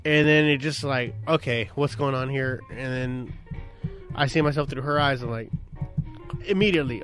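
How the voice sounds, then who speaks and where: A man chatting casually on a podcast about relationships, cursing freely and telling stories with sudden loud outbursts. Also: mid-range voice, normal speed, over music. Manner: profane, animated storytelling with sudden shouted outbursts.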